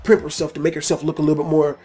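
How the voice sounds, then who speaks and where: A man's voice: fairly high pitch, racing, faint music behind. A man telling a personal story in a casual vlog, swearing often and acting out the scenes. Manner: profane, animated storytelling. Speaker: storytelling video host.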